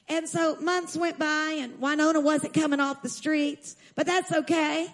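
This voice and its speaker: A woman preacher telling a story in a sermon, emphatic and slowing down to stress key lines, calling on the audience to respond. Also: high-pitched, fairly even intonation, slight background noise. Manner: urges the audience to respond aloud.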